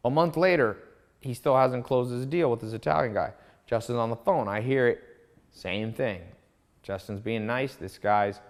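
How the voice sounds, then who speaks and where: A man teaching a course in a casual monologue, telling stories with lively asides and restarts. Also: medium pitch. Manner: storytelling, animated, with asides and restarts. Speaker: course instructor.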